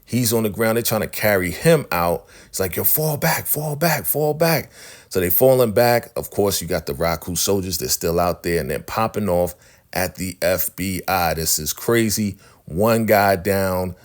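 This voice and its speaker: A man casually recapping a TV episode, excitable and acting out the characters' lines as he retells each scene. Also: low voice, normal speed. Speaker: recap host.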